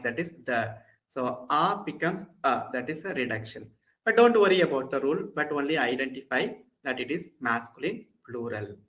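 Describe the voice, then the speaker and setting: A man's voice: a little high, fairly bright tone, rough recording. A man with an Indian English accent teaching an online Hebrew grammar lecture, patient and repeating key points to reassure students. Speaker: Bible college Hebrew instructor.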